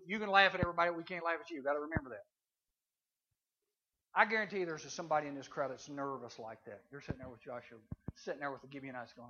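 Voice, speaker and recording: Guy preaching to kids, folksy and animated, highish bright voice, slightly muffled. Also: quick pace. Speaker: chapel speaker. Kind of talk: storytelling sermon to teens. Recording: slightly dull, faint hiss.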